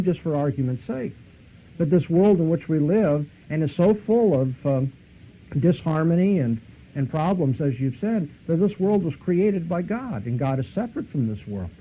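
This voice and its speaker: A man's voice: fairly high pitch, expressive, fairly quick. A man lecturing and retelling a debate, pressing his points with rising intensity. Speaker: Christian apologist lecturer. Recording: tinny lo-fi recording, faint hiss.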